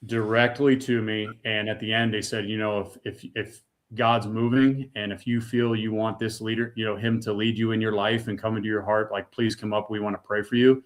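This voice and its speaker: Man, middle-aged, low voice, earnest, raw, emotional personal testimony, stumbles on words. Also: flat delivery, fairly quick. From United States. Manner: earnest, raw, repeats words when moved. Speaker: guest.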